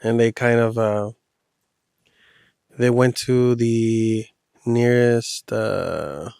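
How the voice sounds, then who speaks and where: A man spins a spooky tale in a loose, rambling way, like chatting with a friend. His voice sits at a middling pitch and sounds dry and close, with no room around it. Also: fairly even intonation, extremely slow, creaky, a little mellow, clean tone, dry recording. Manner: loose, rambling retelling with slang. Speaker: podcast host telling a horror story. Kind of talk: casual storytelling.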